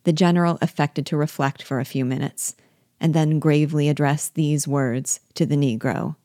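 A woman reading a classic novel aloud with steady, measured storytelling, close to the mic. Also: low-pitched, no room sound. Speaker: audiobook reader.

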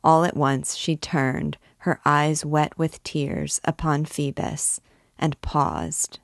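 Low-voiced woman reading a novel aloud. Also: creaky, no room sound, studio quality. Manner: measured, expressive storytelling. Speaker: reader.

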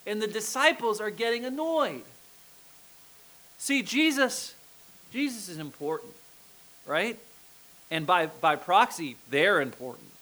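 A man's voice: high-pitched, pushed and bright, poor audio. A male pastor preaching a sermon in a conversational way, often checking in with the congregation. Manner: conversational, checks in with "okay?" and "right?".

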